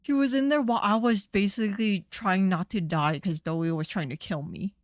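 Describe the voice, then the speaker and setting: A woman's voice: medium pitch, normal speed, no room sound, clean studio sound. A young woman streamer giving casual, chatty gaming commentary that turns indignant and rambling.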